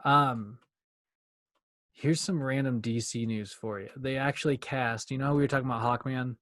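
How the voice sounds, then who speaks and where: A young man co-hosting a podcast in casual chat, talking fast and rambling, with plenty of swearing. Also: mid-range voice, fairly even intonation, fairly bright tone, no echo. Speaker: podcast co-host.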